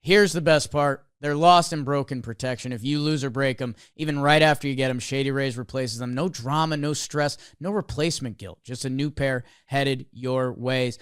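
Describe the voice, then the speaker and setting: A man co-hosting a sports podcast, animated and excitable, with lots of fillers, also reading an ad. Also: mid-range voice, normal speed, hardly any pauses, smooth, no room sound, studio quality. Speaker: podcast co-host. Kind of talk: energetic sports recap and ad read.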